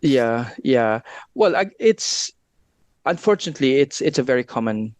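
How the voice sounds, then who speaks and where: A man speaks as a guest researcher in a relaxed interview, winding through his points with plenty of asides. His voice sits at an ordinary middle pitch. The recording is close and dry, with no room sound. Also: normal speed, dry recording. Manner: discursive, with frequent "you know" asides. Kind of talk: casual conversational interview.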